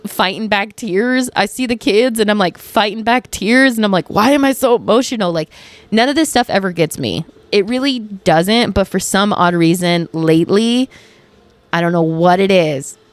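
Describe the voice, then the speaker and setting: A woman's voice: lowish voice, clear, resonant tone, no echo. A woman in her twenties chatting casually to her viewers, rambling and emotional, swearing freely as she tells stories. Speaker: vlogger. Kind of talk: casual chat.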